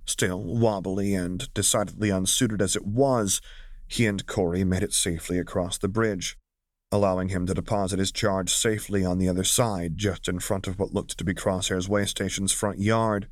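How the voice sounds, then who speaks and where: A man reading a fan fiction audiobook in a measured storytelling manner. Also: deep voice, fairly even intonation, no room sound, clean studio sound. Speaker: audiobook narrator.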